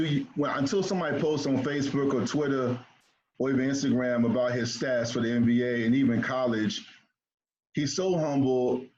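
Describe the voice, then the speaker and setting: A man hosting a casual interview, reminiscing with his guests in a relaxed way and asking them about their past. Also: mid-range voice, a little hiss or hum. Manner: relaxed, reminiscing, frequent fillers. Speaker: host. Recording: dull lo-fi sound.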